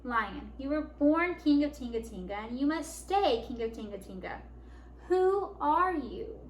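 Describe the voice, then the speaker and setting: A woman's voice: sits high, lively intonation, a little slow, a little hiss or hum. Woman playing a tiny encouraging flea. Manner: encouraging, gentle. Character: tiny wise flea, cheerful mentor. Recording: echoey room.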